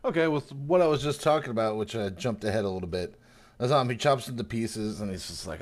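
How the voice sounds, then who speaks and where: A man co-hosting a casual podcast, retelling scenes energetically and slipping into quick character voices. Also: medium pitch. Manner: animated retelling with put-on voices. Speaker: podcast co-host. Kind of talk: casual chat.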